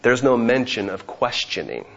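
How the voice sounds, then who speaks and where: A man's voice: medium pitch, big pitch swings, moderate pace, vocal fry, fairly bright tone, lo-fi sound. A man preaching an expository sermon, who keeps asking rhetorical questions and acts out the voices of the people in the story.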